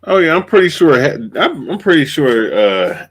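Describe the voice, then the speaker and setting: A man hosting a casual boxing live stream, animated and swearing freely. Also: a little high, normal speed, husky. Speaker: podcast host.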